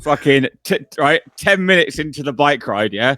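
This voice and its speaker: A man co-hosting a podcast, telling a story in casual, sweary chat and getting loud as he retells it. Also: a little high, moderate pace. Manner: sweary, animated, often shouts when retelling. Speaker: podcast co-host.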